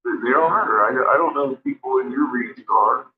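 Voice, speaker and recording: A man's voice: mid-range voice, brisk, a little hiss or hum. A man telling rambling, profanity-laced stories in casual chat, laughing often between remarks. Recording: dull lo-fi stream audio.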